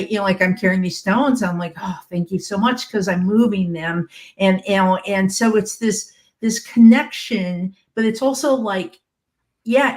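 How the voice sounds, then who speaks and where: Earnest woman explaining gently. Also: medium pitch. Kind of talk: casual panel chat.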